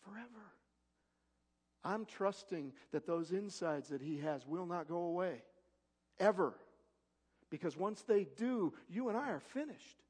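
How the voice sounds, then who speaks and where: Emphatic preacher in a reverberant hall. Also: male voice, high voice, lively intonation, measured pace, husky. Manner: swings from loud emphatic peaks to soft storytelling. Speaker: pastor. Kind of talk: sermon. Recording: long reverb of a large hall.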